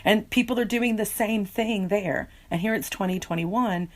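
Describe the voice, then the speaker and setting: A woman linguistics professor and podcast guest, telling animated stories and laughing easily. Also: medium pitch, moderate pace. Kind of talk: podcast conversation.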